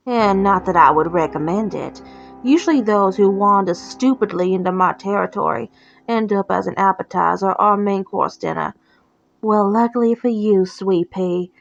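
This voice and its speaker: A woman's voice: medium pitch, creaky. A woman putting on a silky Cajun demon hostess. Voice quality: soft, silky, sweet-talking. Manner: purring, teasing and threatening. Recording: slightly muffled with soft music.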